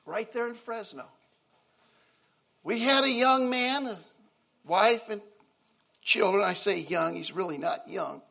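An older man preaching a sermon, emotional, swinging from loud exclaiming to soft, quiet lines. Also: high voice, slow, vocal fry, pauses often. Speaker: pastor.

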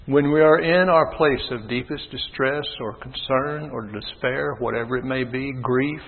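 A man preaching a sermon in a husky voice, swinging between low measured reading and loud impassioned calls. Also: fairly even intonation. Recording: tinny phone-like sound with long hall reverb.

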